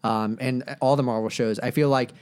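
A man's voice: medium pitch, steady tone, moderate pace, clean tone. Rambling, filler-heavy male podcast host. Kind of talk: casual chat.

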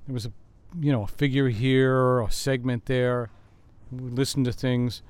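Sitting for an interview in a backyard, an older musician answers with animated, meandering tales packed with fillers and false starts. He speaks unhurriedly in a clean, mid-range voice.

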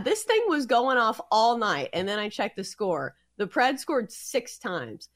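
A woman's voice: on the high side, very animated, measured pace, few pauses. A woman co-hosting a sports betting podcast, chatty and teasing in casual banter.

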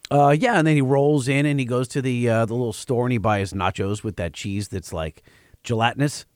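A man co-hosting a podcast in casual chat, his voice worn and husky from a swollen throat, joking and cutting in on his co-host. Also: mid-range voice, fairly quick, darkish tone, no room sound, clean studio sound. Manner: joking, chatty, talks over his co-host. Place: small cramped room.

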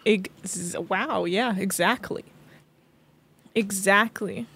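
A woman's voice: mid-range voice, extremely slow, a bit bright, slightly rough, no room sound. A woman co-hosting a podcast in casual recap chat, chatty, laughing often and saying "like" a lot. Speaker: podcast co-host.

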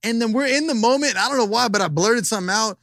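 A man's voice: very high-pitched, fast talker, dry recording, clean studio sound. A young man co-hosting a podcast, telling crude self-deprecating stories in comedic banter. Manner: animated storyteller, self-deprecating. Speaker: podcast co-host.

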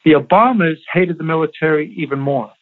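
A man's voice: a little high, fairly quick. A man, a guest in an interview, telling stories emphatically and repeating himself. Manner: emphatic, repetitive storytelling. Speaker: interview guest, former Navy SEAL. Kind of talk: interview over the phone. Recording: tinny phone line.

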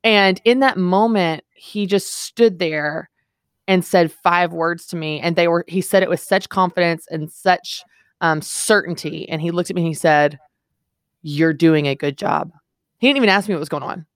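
Low-voiced woman, earnest guest. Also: moderate pace, clean tone, no room sound, clean studio sound. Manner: earnest, emphatic storytelling. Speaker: guest author. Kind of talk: podcast interview.

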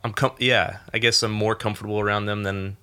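A man with a rather low, bright, forceful voice, chatting loosely and swearing freely. He rambles through a story with plenty of fillers and jumps higher and louder when he quotes people. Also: a little fast, clear, resonant tone. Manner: laid-back storyteller, lots of fillers, swearing, animated when quoting. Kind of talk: casual chat, storytelling.

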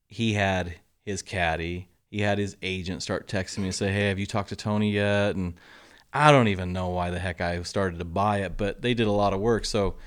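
Deep-voiced man telling stories. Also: clear, resonant tone. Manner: animated storyteller, acts out quotes, drops to a low murmur for asides. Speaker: golf coach telling stories as guest. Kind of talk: casual interview storytelling.

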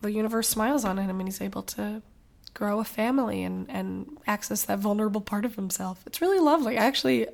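Podcast guest, woman, wry and thoughtful, creaky vocal fry. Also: mid-range voice, quick pace. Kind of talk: casual chat.

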